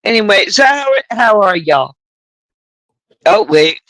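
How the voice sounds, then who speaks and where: A woman's voice: medium pitch, expressive, slow pace, fairly bright tone, dry recording, low-quality recording. A woman hosting a casual livestream, talking in a profane, rambling way. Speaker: livestream host.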